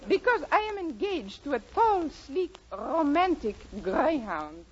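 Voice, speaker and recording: An actress playing a coy, playful, glamorous French poodle with a put-on French accent, in 1940s radio comedy. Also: female voice, high-pitched, sing-song, unhurried. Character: coy, glamorous French poodle pin-up, adult female dog. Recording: loud hiss, muffled 1940s radio recording.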